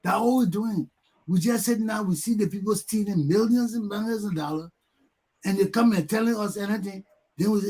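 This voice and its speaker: High-pitched Liberian man ranting. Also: a little fast, husky. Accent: Liberian English. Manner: mocks people by mimicking their repeated yelling. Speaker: talk show host. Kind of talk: heated talk show commentary.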